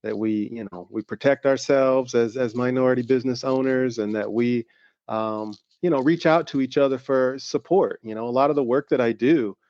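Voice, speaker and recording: A man's voice: medium pitch, normal speed, a little mellow, no room sound. Southern-accented male co-host, rambling chatty delivery, muffled lo-fi recording. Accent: Southern American. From American South. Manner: rambling, many fillers and restarts. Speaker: podcast co-host. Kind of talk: casual podcast conversation. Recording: dull lo-fi sound.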